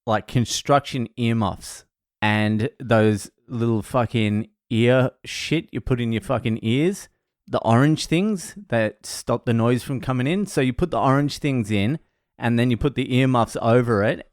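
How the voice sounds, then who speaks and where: A man in the middle range of pitch tells rambling anecdotes, thick with swearing. He speaks as a stand-up comedian on a casual vlog. The sound is dry and close, with no room echo. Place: home in Australia.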